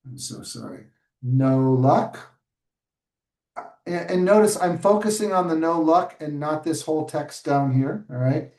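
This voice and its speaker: Give me a man modeling a storybook read-aloud for teachers, animated, correcting himself, in a roomy room. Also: fairly high pitch, a little slow. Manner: animated storybook reading with asides and self-corrections. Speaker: early childhood educator. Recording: roomy sound, distant from mic.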